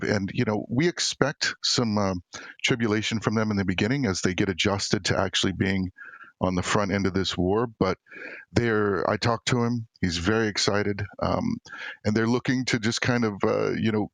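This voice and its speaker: A man's voice: on the low side, creaky, fairly bright tone, no room sound. A man talking as a guest on a casual podcast, easygoing and full of fillers.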